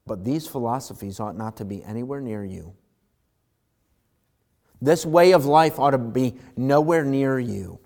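A middle-aged male pastor preaching a sermon, swinging from loud emphatic lines to hushed ones. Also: medium pitch, expressive, a little slow, long pauses.

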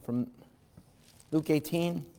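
A man's voice: fairly high pitch, slow pace, creaky, mellow. A man preaching an evening sermon in a church, fervently reading scripture aloud and asking the congregation direct questions. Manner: reads scripture aloud in King James wording. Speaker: pastor. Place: church sanctuary. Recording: long reverb of a large hall.

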